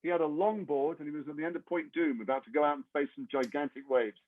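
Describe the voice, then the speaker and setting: An English actor being interviewed, telling long rambling anecdotes with self-deprecating humor. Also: male voice, fairly high pitch, fairly even intonation, quick pace, no room sound. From England. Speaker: actor guest. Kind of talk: interview storytelling. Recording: tinny phone-like line, dry.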